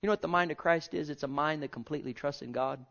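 A man preaching a sermon, swinging from hushed murmurs to loud, fervent exhortations. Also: on the high side, quick pace, vocal fry, highs cut off.

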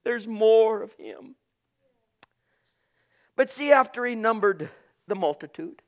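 High-voiced passionate preacher man. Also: lively intonation, unhurried, pauses often. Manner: passionate, swings between loud calls and hushed asides. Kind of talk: sermon.

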